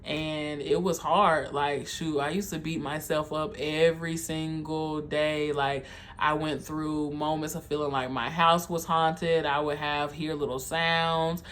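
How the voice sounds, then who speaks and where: A young adult video creator candidly telling a personal story, heartfelt and halting, speaking straight to viewers as y'all. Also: medium pitch, steady tone, a bit bright, slight background noise. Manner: halting, with frequent um and like.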